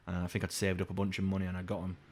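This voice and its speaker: A man's voice: completely flat delivery, rapid-fire, darkish tone. A young man from England co-hosting a podcast, telling rambling anecdotes with plenty of swearing. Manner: swearing, rambling anecdotes, acts out quotes in a high voice. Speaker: podcast co-host. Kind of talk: casual chat.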